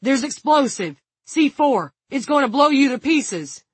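A woman voicing a desperate man who shouts urgent warnings while pinned down under fire, in a storybook reading. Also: high voice, animated, a little slow, dry recording, voice pushed up. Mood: shouting urgently.

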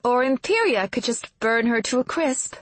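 A woman reading a novel aloud, voicing a bold young woman who shouts down eagerly from a dragon in a high, bright voice. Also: lively intonation, moderate pace, dry recording. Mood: urgent. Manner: shouting, urgent and upbeat.

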